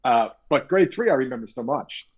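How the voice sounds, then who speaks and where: Middle-aged interview guest from Canada, husky, spins anecdotes with acted-out quotes. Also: male voice, mid-range voice, brisk, highs cut off. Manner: animated anecdotes with quoted voices. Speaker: guest author. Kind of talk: storytelling interview talk.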